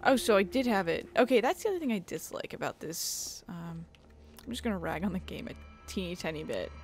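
A woman's voice: fairly low pitch, lively intonation, brisk, a little mellow, faint music behind. A woman hosting her gaming channel, chatting casually as she plays and sometimes swearing at the game. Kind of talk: let's play commentary.

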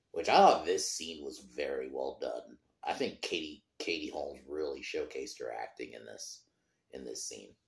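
Man, very deep voice, casual podcast film talk, rambling, swears, echoey room. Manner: rambling, swears freely, trails off and restarts. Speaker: podcast host. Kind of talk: casual film review chat.

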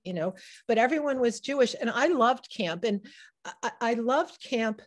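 A woman's voice: fairly high pitch, moderate pace. A woman in her sixties with a Chicago accent, an author telling stories in a casual interview at a synagogue, often restarting her sentences as she goes. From Chicago area, USA. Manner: animated, digressive storyteller who often restarts sentences. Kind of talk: casual conversational storytelling.

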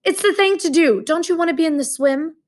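A woman's voice: very high-pitched, a little fast, voice pushed up. A woman voicing a young male college student who wails and pleads about following a fad. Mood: pleading. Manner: wailing, pleading.

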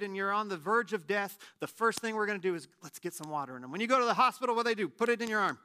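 A man in his late thirties, a pastor giving a conversational sermon with animated, self-deprecating humor. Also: sits high. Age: late 30s.

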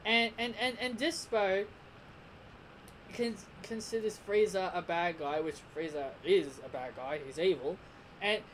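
A man's voice: high-pitched, unhurried, fairly bright tone, slight background noise, rough recording. A man giving a casual spoken review of an anime episode, rambling, restarting his sentences and laughing often. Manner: rambling, frequent restarts and repeats.

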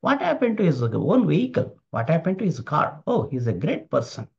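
A man's voice: on the high side, wildly swooping pitch, moderate pace, creaky. A man giving an emphatic motivational talk, repeating his key phrases. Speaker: motivational speaker. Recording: dull lo-fi recording.

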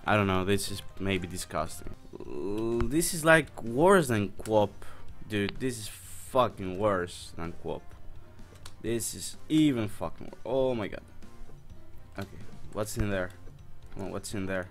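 A man doing excitable, swear-heavy commentary on his own gaming channel, breaking into squeals and laughter. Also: lowish voice, unhurried, faint music behind. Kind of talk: casual let's play commentary.

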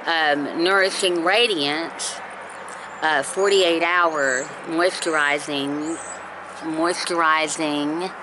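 A woman, casually telling a story from her life in a chatty way, repeating herself and laughing at her own tale. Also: deep voice. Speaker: storytelling vlogger. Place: home porch. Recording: steady background noise.

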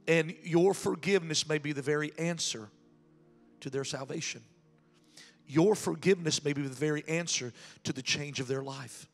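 A man preaching as a pastor, candid and emotional, swinging from hushed confession to raised shouts. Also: on the high side, normal speed, soft background music. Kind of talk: sermon.

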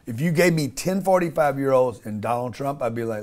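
A man's voice: medium pitch, lively intonation, a little fast, a little mellow. Man, interview guest, casual talk, emphatic, blunt, restarts sentences, mid-range voice.

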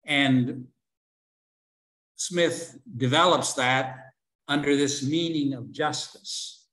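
Slow, halting older man lecturing. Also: mid-range voice, fairly bright tone, rough recording. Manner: halting, many fillers and restarts. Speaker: religion teacher. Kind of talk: online class lecture.

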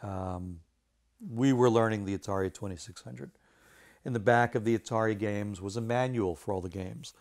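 A man, a video game artist telling a lively story in a casual interview, acting out the voices of the people in it. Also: on the low side, moderate pace. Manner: animated anecdote telling with quoted voices.

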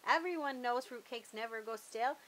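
A woman's voice: fairly high pitch, fairly quick, fairly bright tone, close to an everyday voice. A woman voicing an anxious, bumbling male food inspector in a read-aloud picture book. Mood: fretful. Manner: anxious, overexcited.

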